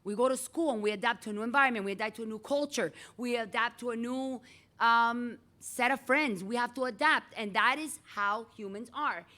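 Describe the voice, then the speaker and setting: A middle-aged woman teacher giving a chatty, animated lecture in a classroom and calling on students by name. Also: a little high, a little fast.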